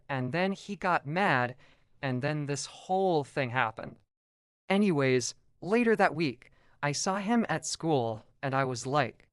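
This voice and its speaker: A man's voice: fairly high pitch, animated, a little slow, clean tone, no echo, clean studio sound. A man casually narrating a first-person story from his school days in a conversational tone.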